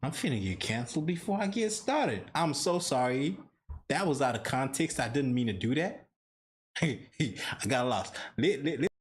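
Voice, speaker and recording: A man's voice: medium pitch, animated, normal speed. A man from Zimbabwe with a Zimbabwean accent giving playful, teasing reaction commentary. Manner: playful, teasing, mock-apologetic. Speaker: reaction video host.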